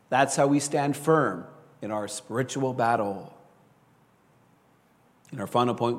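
A man preaching a sermon in an earnest, measured way, often quoting scripture and rising to stress key words. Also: fairly high pitch, long reverb tail.

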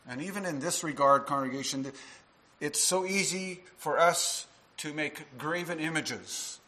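A man's voice: on the high side, fairly bright tone, poor audio. A male minister preaching a sermon to his congregation, earnest and full of rhetorical questions.

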